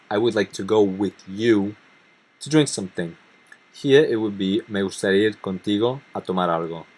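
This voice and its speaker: A man teaching a language lesson, explaining grammar step by step and reading example sentences aloud. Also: fairly low pitch. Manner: methodical, reads Spanish examples aloud between English explanations. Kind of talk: explaining grammar over slides.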